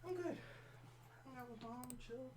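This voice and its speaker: A woman chatting casually at home, lively and laughing, talking baby talk to her dogs. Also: sits high, a little slow. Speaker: partner at home. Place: room at home, off mic. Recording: roomy, noisy, from across the room.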